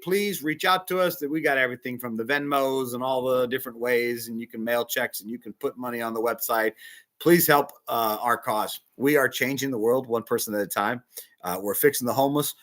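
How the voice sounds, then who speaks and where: A man preaches a casual sermon in a bright, forceful voice pitched at an ordinary middle height. He leans hard on key words, then drops into quiet, hushed asides. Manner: emphatic, swings between loud and hushed. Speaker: bishop.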